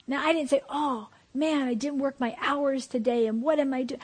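A woman preaching an informal sermon to a group, telling personal stories in an animated, emphatic way. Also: high-pitched, normal speed, hardly any pauses.

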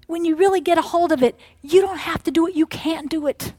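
A middle-aged woman preaching a sermon in a high, bright register. She swings between hushed whispers and loud, emphatic cries, acting out the devil's taunts and God's answers. The sound is dry and close, with little room around it. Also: fairly quick, few pauses, dry recording.

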